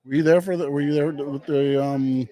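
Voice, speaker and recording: A man's voice: on the high side, fairly even intonation, normal speed, warm tone. A man co-hosting a sports talk show, chatting casually and animatedly, laughing as he tells a story.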